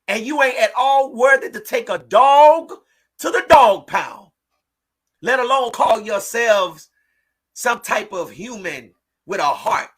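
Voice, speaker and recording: A woman hosting a livestream, talking in a fiery preaching way, repeating phrases and shouting in outrage. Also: a little high, animated, slow pace, husky. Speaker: livestream host. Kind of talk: impassioned livestream talk.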